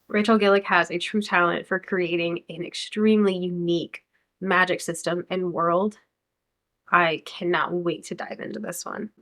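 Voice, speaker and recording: A young American woman, a book vlogger, chats casually and enthusiastically about upcoming books, talking a lot and now and then reading blurbs aloud. Her voice sits in the mid-range with a slightly bright quality.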